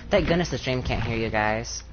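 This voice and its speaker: A woman's voice: extremely low pitch, animated, fairly quick. A woman streamer chatting casually and bantering crudely while she plays a game. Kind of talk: casual gaming chat. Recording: muffled stream audio with game music.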